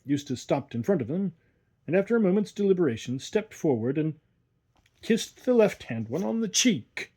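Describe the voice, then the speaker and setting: A man narrates a classic short story in an expressive storytelling manner. His voice is husky and sits a little high. His pitch rises and falls in lively swings. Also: moderate pace. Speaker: audiobook reader. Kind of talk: scripted narration.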